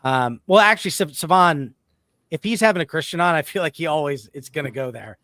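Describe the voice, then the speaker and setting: Rambling male podcast host, slightly high voice, dry close-miked sound. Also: expressive, fairly quick, pushed and bright, no echo. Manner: rambling, self-interrupting. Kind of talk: casual chat.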